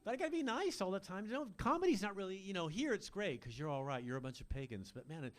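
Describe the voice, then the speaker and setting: With lively intonation and a quick pace, an older comedian delivers a camp, teasing stand-up routine into a handheld mic at a club, swooping from mock-deep to high voices. A little hiss or hum can be heard.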